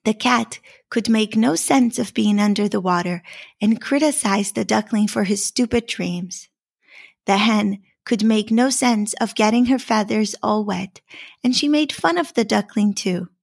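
A woman telling a fairy tale in a measured, expressive storybook narration. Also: mid-range voice, creaky.

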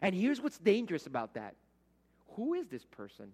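A middle-aged man from Rico, preaching a sermon as pastor and telling stories, swinging from loud to hushed and repeating words. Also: high-pitched, wildly swooping pitch, normal speed, husky. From Puerto Rico. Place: church sanctuary. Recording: long reverb of a church hall.

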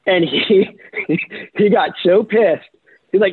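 A man's voice: high-pitched, unhurried, breathy edge, no room sound. Chatty man on a tinny phone line. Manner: chatty, animated, many fillers like "you know" and "right". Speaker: guest, real estate investor. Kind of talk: casual interview storytelling.

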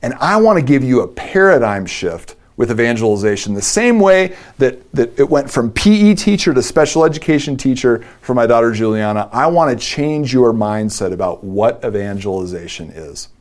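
A man's voice: medium pitch, lively intonation, moderate pace, few pauses. A middle-aged man giving a chatty, self-deprecating storytelling talk from a conference stage. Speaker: conference speaker. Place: conference stage before a live audience.

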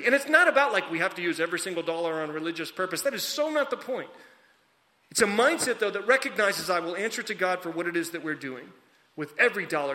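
A male pastor preaches in a loose, conversational way, acting out his stories with energy and then sinking into quiet, low emphasis. His voice sits high and sounds bright. It rings out into a long hall reverb. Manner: conversational, animated storytelling, drops soft and low for emphasis. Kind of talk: sermon.

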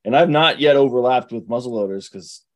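A man hosting a podcast in a relaxed, self-deprecating way, chatting casually and laughing often. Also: medium pitch, a little fast. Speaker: podcast host. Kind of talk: casual chat.

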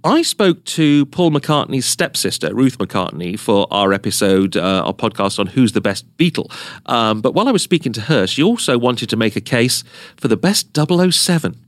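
A man's voice: medium pitch, big pitch swings, moderate pace, no room sound. A man hosting a podcast, telling anecdotes in a casual, chatty way and laughing as he goes. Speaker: podcast host. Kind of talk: casual chat, storytelling.

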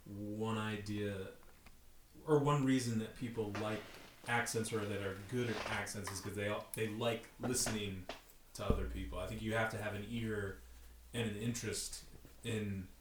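A man chatting casually, enthusiastic and quick to laugh, talking in bursts. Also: fairly low pitch, fairly even intonation, echoey room, background noise. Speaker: conversation partner. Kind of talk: casual chat.

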